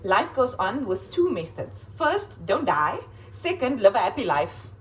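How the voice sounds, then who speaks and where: A woman schoolteacher chatting casually in her home kitchen as she reads out quotes and adds playful, expressive asides. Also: mid-range voice, unhurried, low-quality recording. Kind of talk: casual vlog chat reading kids' quotes aloud.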